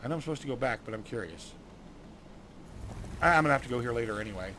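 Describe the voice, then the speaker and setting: A man's voice: mid-range voice, animated, fast, sharp tone, a little hiss or hum. Easygoing man chatting over gameplay. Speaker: gameplay narrator. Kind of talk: casual chat.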